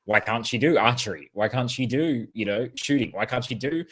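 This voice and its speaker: A man with an Australian accent co-hosts a podcast, joking, rambling and laughing often in casual chat. He speaks briskly in a mid-range voice, with crowd noise in the background.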